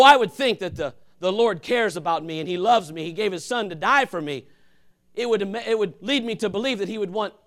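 A man preaching with fervor, his fairly high voice leaping and dropping across a wide range. He pushes hard on some phrases and lets others fall to a near hush, talking straight to his congregation. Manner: impassioned, swinging from loud calls to hushed asides. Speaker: pastor. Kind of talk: sermon.

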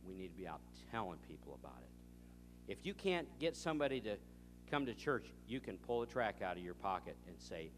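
A man preaching, telling a story with animated dialogue and reading scripture. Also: deep voice, brisk, over music. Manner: animated storytelling, acting out both sides of a dialogue. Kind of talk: sermon with anecdotes.

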